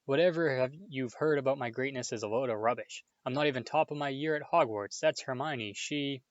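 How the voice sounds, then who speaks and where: A man voicing a polite, nervous boy wizard who talks in a hesitant, hushed way. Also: medium pitch, a little fast, no echo, lightly acted. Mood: earnest. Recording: dull, dry home recording.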